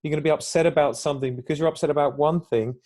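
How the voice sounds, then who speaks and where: Podcast guest, male, mellow dark tone, reflective explainer. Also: a little high, steady tone, racing. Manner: reflective, explains ideas at length, acts out little quoted exchanges. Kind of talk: conversational podcast talk.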